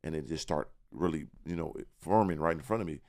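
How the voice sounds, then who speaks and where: A young man with a rumbling low voice speaks a little fast, his tone slightly mellow. He's a rapper appearing as a podcast guest, talking about himself in casual interview style with boastful confidence and street slang.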